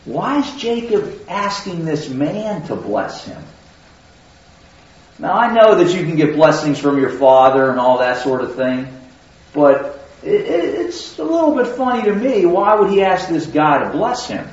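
Questioning preacher in an echoey hall. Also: male voice, on the high side, very animated, unhurried. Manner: conversational teaching, asks the listeners questions. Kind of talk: sermon. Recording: very echoey hall, distant mic, dull sound.

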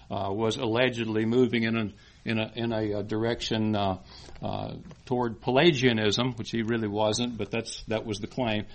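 A man's voice: medium pitch, fairly even intonation, a little fast, a bit bright. A man preaching a sermon in an earnest teaching manner, often repeating phrases and lifting his voice on scripture quotes.

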